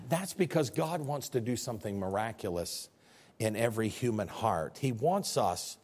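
A male pastor preaching a sermon with passion, dropping to quiet then rising to shouts, often repeating words as he builds. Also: fairly low pitch, animated, unhurried, breathy edge. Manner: repeats words when fired up.

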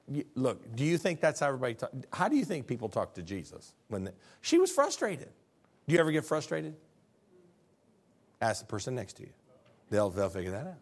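A man's voice: mid-range voice, sing-song, a little fast. A middle-aged male pastor preaching a sermon in a conversational way, asking the congregation questions and acting out quotes.

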